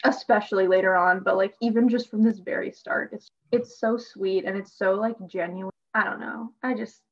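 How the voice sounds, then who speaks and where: A young woman co-hosting a podcast, chatting excitedly as a fan, laughing and filling her talk with "like". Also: medium pitch, moderate pace. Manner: excitable, laughing, heavy use of "like". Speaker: podcast co-host. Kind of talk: casual fan chat. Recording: dull lo-fi sound.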